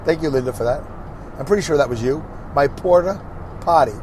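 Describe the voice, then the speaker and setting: A man's voice: mid-range voice, fast, a little mellow. A man in his sixties hosting a casual, rambling solo podcast from his car while he drives, joking and arguing back at imagined critics. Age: 60s. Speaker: podcast host and truck driver. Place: inside a car while driving. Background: faint car and road noise.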